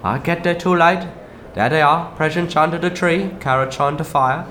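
This comedy sketch features a man as an aggrieved Christmas demon with horns and fangs, gruff, self-pitying and easily angered. The acting is light, his voice sits on the high side with a fairly bright tone, and some slight background noise is audible.

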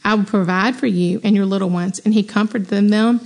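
A woman leading a women's Bible study, reading scripture aloud and commenting in an excited, conversational way with many rhetorical questions. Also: medium pitch, normal speed. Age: adult mother. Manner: enthusiastic, conversational, exclaims and asks rhetorical questions.

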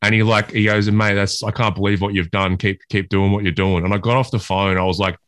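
A man's voice: fairly low pitch, little pitch movement, quick pace, fairly bright tone, no room sound. A man in casual podcast chat, candid and sweary, telling stories about his recovery.

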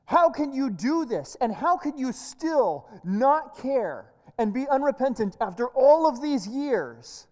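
A woman's voice: high-pitched, very animated, slow pace, few pauses, darkish tone, long reverb tail, voice pushed up, exaggerated voice. A woman doing a furious male reporter. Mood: indignant. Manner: raised, incredulous demanding.

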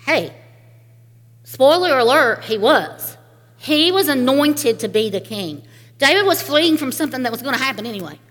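A woman's voice: sits high, sing-song, moderate pace, a bit bright, in a large hall. A woman from Eastern Kentucky with a local accent, giving a sermon in a folksy storytelling way and laughing often. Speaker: speaker.

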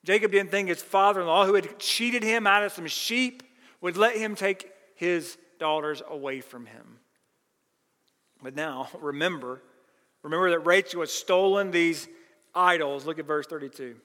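High, bright-voiced man preaching in a hall. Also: moderate pace. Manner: emphatic, earnest teaching tone. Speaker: pastor. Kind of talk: sermon. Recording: long reverb of a large hall.

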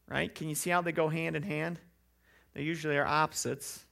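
A man's voice: fairly high pitch, fairly even intonation, a little fast, vocal fry, a bit bright. A man preaching a sermon in a conversational way, with joking asides and rhetorical questions. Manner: acts out quoted voices.

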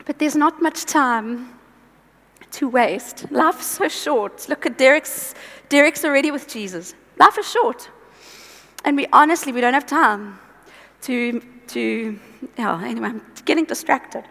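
A woman's voice: high-pitched, unhurried, creaky, sharp tone. A woman preaching a conversational sermon. She exhorts earnestly, drifts into chatty asides, and her voice is tiring. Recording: long hall reverb.

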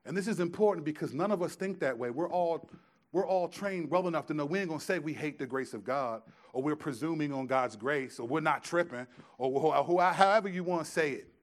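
A man preaching a sermon as pastor, emphatic, shifting from hushed lines to loud ones, with casual conversational asides. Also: a little high, a little fast. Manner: emphatic, swings between quiet and loud.

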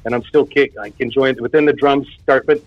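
A man's voice: mid-range voice, steady tone, fairly quick, no echo. A man telling a personal spooky story in a casual, rambling way, full of filler words. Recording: dull lo-fi sound with faint music.

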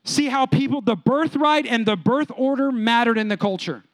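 A male pastor with a high-pitched voice delivering an emphatic sermon. He repeats his points and calls out to the congregation. The sound is dry and close. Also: normal speed, dry recording.

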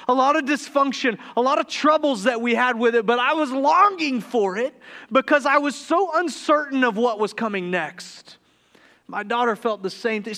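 Bright-voiced pastor preaching with humor. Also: male voice, very high-pitched. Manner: humorous, confessional storytelling that turns quiet and tender. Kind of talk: sermon.

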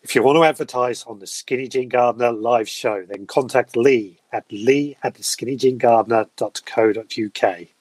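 A man's voice: medium pitch, moderate pace, few pauses, darkish tone, breathy edge, no room sound, voice pushed down, lightly acted, low-quality recording. A man putting on a mock broadcasting voice to read out an advert. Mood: announcing. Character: male radio announcer, smooth and formal.

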